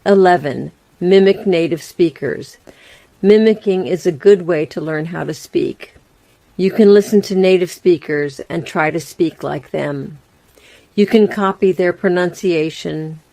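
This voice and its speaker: A woman narrates a scripted English lesson in a slow, deliberate way, leaving room between phrases. Her voice is mellow and fairly low, and it sounds dry and close with no room around it. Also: creaky, dry recording. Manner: slow, plain and carefully spaced. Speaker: English teacher.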